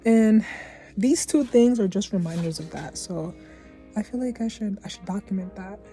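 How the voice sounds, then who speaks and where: A woman's voice: mid-range voice, normal speed, warm tone, soft background music. A young adult woman vlogging candidly about her life, heartfelt and rambling, often restarting her sentences. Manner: heartfelt, rambling, self-correcting. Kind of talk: candid personal vlog.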